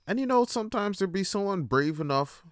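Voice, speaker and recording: A man's voice: high voice, lively intonation, fairly quick, smooth, no room sound, clean studio sound. A man telling a comedic, profane rant in a casual, filler-heavy way. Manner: profane, casual, many "you know" fillers. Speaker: podcast host.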